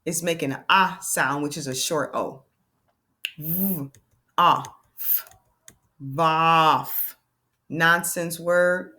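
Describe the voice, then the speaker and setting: A woman teaching a children's phonics lesson, slowly sounding out letters and cheering her young learners on. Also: low-pitched, pushed and bright, slight background noise.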